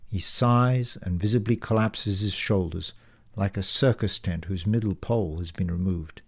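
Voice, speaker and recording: Man reading his novel in a low voice. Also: gravelly. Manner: measured, descriptive storytelling. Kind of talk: first-person audiobook narration.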